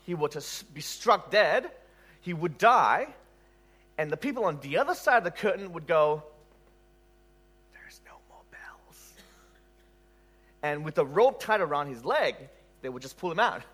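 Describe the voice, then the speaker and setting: Animated male preacher with a lively voice. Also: fairly high pitch, moderate pace, slightly rough. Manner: animated, rhetorical questions, laughs at own story. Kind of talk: sermon.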